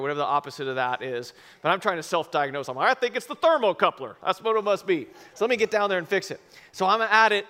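A man preaching a sermon to a congregation, telling a personal story with lively acted-out quotes and sudden shouts. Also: high voice. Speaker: pastor. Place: church service before a congregation.

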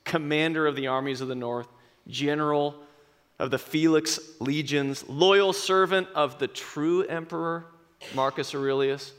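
A man's voice: a little high, steady tone, unhurried, a bit bright, clean tone. A man doing a grim vengeful Roman general. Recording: long reverb in a large hall.

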